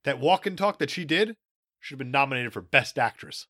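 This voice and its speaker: Bright, lively man joking on a podcast. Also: medium pitch, brisk, no echo, studio quality. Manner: jokey, laughs often, sarcastic. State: slightly tipsy. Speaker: podcast co-host. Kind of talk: casual comedic chat.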